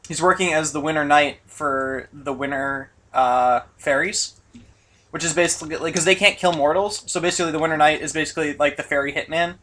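A young man chatting casually in a rant video, rambling and swearing with excitable bursts. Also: on the high side, fairly quick. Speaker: vlog co-host.

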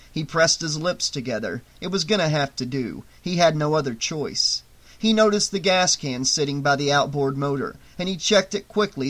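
A man's voice: on the high side, a bit bright. A man reading a horror novel aloud as an audiobook, in dramatic, tense scripted narration.

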